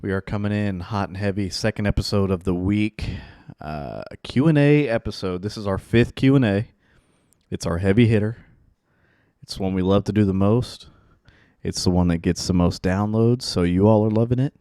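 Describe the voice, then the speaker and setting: A fairly low-pitched man hosting a podcast, talking in an energetic, rambling way full of restarts. His voice is dry and close to the mic, with no room sound around it. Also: normal speed, clean tone, no echo. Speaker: podcast host. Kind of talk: casual chat.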